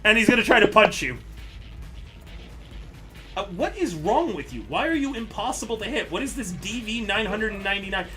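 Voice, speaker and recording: A man running a tabletop game on a live stream as game master, animated and often breaking into laughter as he explains rules. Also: high-pitched, fairly quick, pauses often, soft background music.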